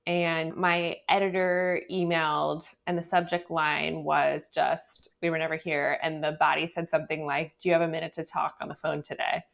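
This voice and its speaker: A woman author being interviewed, telling her story in a chatty, animated way with lots of "like"s. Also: low voice, moderate pace, creaky, few pauses. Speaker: guest author. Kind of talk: casual interview talk. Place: home office in New York.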